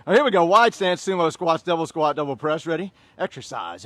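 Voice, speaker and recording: A man in his fifties leading a workout class, chatting and joking between sets and counting reps in loud bursts. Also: fairly high pitch, expressive, a little fast, few pauses, dry recording. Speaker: fitness instructor.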